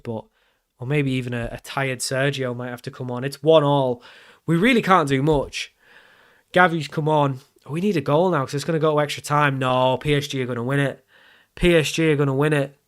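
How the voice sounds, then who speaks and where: A man commentating live on his football management game, swinging from pleading to groaning. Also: mid-range voice. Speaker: gaming YouTuber.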